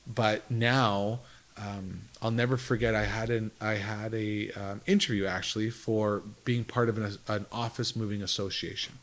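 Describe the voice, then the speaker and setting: In a conversational interview, a business owner with a lowish, slightly bright voice tells stories in a level tone at normal speed. He rambles from one thought to the next and acts out what others said to him.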